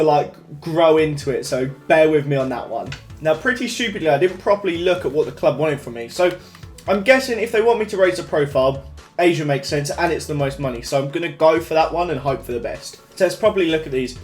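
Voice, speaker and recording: A young man chatting through a football game with upbeat energy, addressing his viewers directly. His voice sits a little high for a man, with faint music behind. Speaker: gaming YouTuber. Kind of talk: casual game commentary.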